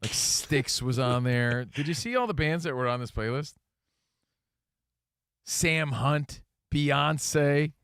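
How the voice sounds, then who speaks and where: A man co-hosting sports talk radio with a lively, swinging delivery. He riffs and jokes through casual banter, and his voice sits dry and close with no room sound. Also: a little high, clear, resonant tone, no echo. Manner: joking, quick to riff. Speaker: co-host of a sports talk show.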